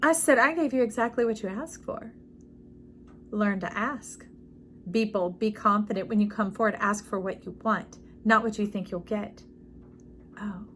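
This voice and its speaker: Chatty woman tarot reader, rambling and animated. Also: medium pitch, normal speed, a little hiss or hum. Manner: chatty, warm-hearted, digressive storytelling with animated quoted voices; addresses listener directly as y'all and love. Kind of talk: casual spiritual tarot reading.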